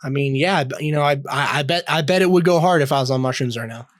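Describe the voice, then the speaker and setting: A man's voice: fairly high pitch, fast talker, no room sound. A young man co-hosting a podcast, telling a story in a rambling, casual way with lots of fillers, restarts and swearing. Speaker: podcast co-host.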